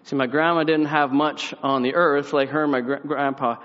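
A young adult man preaching, telling a personal story with animated delivery and acted-out voices, then dropping to a quiet, reflective tone. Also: fairly high pitch, normal speed. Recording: muffled sound in a large reverberant hall.

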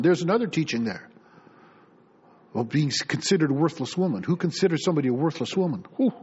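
In a dull, lo-fi recording, a middle-aged man delivers an animated sermon as a pastor. He reads scripture aloud and voices the people in it, speaking a little high and a little fast with some breathiness.

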